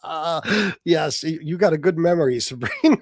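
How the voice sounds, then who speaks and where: A man hosts a livestream and argues with heated, profane mockery. His voice sits a bit high and leaps around a lot. The sound is dry and close. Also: very animated, normal speed, no echo. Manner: profane, mocking, shouting at times. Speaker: livestream host.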